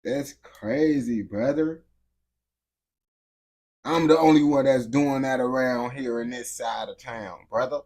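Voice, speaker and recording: A man's voice: medium pitch, takes it slowly, darkish tone. A man livestreaming and chatting casually with his viewers, talking in heavy slang, repeating himself and laughing often.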